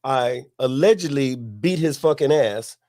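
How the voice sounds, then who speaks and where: A man's voice: mid-range voice, lively intonation, a little slow, a little mellow. Laid-back man telling a rowdy story. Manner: laid-back, profane, laughs at his own story. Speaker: podcast host. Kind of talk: casual storytelling.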